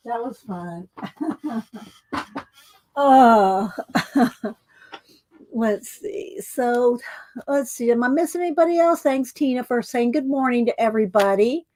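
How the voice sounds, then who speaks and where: A middle-aged woman hosts a casual livestream, chatting in a rambling way, laughing often and greeting her viewers. Her voice is fairly high-pitched and mellow.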